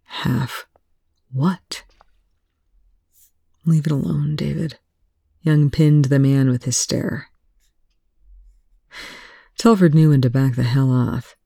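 A reader narrating fan fiction aloud in a steady, even manner with a gravelly voice. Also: mid-range voice, dry recording, studio quality. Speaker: audiobook reader.

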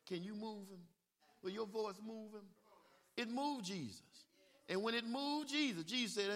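A male preacher delivering a sermon, calling for "amen" and swinging from quiet talk into shouted bursts. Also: sits high, lively intonation, normal speed.

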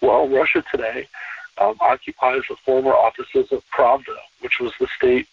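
Husky-voiced man on a tinny line. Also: mid-range voice, normal speed, no room sound. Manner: emphatic, repeats phrases for stress. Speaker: podcast guest. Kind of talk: conversational interview. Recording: distant, tinny phone-line sound.

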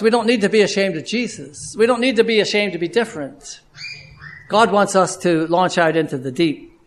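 A man with a notably high voice preaching a sermon. He talks in an earnest, conversational way, stopping and restarting often, and drops to a hushed tone when he tells personal stories.

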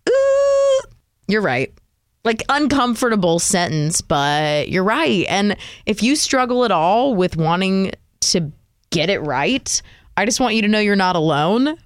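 A woman co-hosting a radio show, chatty and expressive, laughing often. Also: mid-range voice, no room sound, clean studio sound. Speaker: radio co-host. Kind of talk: casual radio banter.

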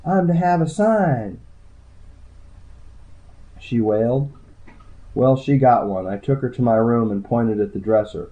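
A man narrating a first-person story in a dry, wry way. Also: lowish voice. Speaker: audiobook narrator. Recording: tinny phone-like sound.

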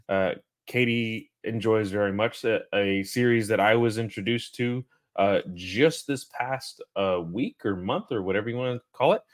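A man hosting a podcast in casual chat, rambling with lots of ums and uhs. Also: lowish voice. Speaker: podcast host.

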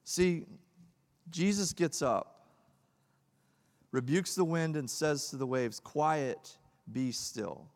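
A male pastor preaching a sermon, swinging from loud emphatic peaks to hushed, low lines. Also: takes it slowly, pauses often. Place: church hall. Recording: long hall reverb.

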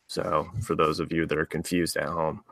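A man co-hosting a casual podcast, talking haltingly with many restarts. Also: very deep voice, flat delivery, creaky, fairly bright tone, no room sound. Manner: hesitant, filler-heavy, amused. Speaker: podcast co-host. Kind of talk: casual chat.

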